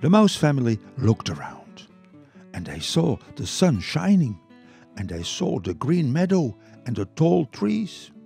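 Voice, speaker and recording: An older man whose first language is Dutch, reading a children's story aloud to listeners in an expressive way. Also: mid-range voice, a little slow, gravelly, soft background music. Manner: lively, expressive, warm read-aloud.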